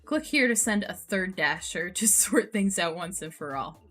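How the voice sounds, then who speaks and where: A woman streamer reacting to posts and telling stories in an animated, profane, ranting way. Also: on the low side, moderate pace, faint music behind. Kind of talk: casual storytelling stream.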